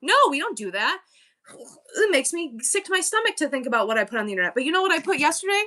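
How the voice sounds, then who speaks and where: Woman, livestream host, fairly high voice, bright tone, blunt and rambling, candid. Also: sing-song, fast talker. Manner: candid, rambling, emotional talk with many restarts; blunt and swears freely. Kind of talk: casual livestream chat.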